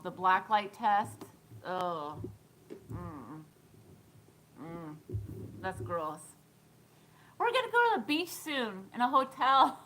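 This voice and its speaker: A thrift vlogger in her thirties chats casually on a live stream, often giggling as she answers viewer comments. Her voice sits on the low side with a fairly bright tone, and the low-quality recording carries slight background noise.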